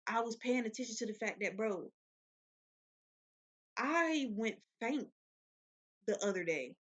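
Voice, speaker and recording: A woman's voice: on the high side, measured pace. Blunt, profane young woman venting. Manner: blunt, profane, animated storytelling. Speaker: vlogger. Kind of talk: casual rambling monologue. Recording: dull lo-fi sound.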